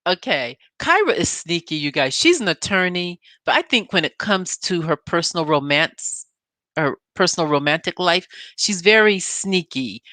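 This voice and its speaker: A woman's voice: on the low side, big pitch swings, normal speed, sharp tone, no echo. A woman YouTube reviewer chatting casually through a recap of a TV episode. She talks straight to her viewers and wanders off on side notes before coming back. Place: home recording setup with green screen.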